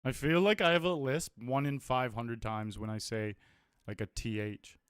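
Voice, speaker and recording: Smooth-voiced man, casual poker stream chat. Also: medium pitch, fairly even intonation, normal speed, fairly bright tone, dry recording, clean studio sound. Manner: blunt, swears freely, self-mocking. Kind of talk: casual live-stream commentary.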